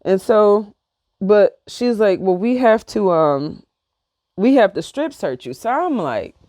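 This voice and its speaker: A woman's voice: mid-range voice, slow, no room sound, studio quality. Young woman heatedly retelling a story. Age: young adult. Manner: heated, animated retelling with quoted back-and-forth. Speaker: vlogger. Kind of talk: casual storytelling.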